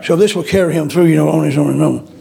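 A man's voice: fairly high pitch, fast talker, gravelly, warm tone. A man preaching a sermon, emphatic and repetitive, acting out the voices in the story he tells. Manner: repetitive, emphatic, acts out quotes.

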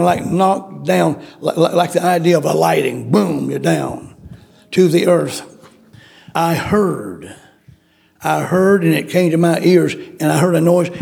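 A man with a slightly high, gravelly, somewhat mellow voice delivers a sermon. He is emphatic and repetitive, acting out the voices of the people in the story he tells.

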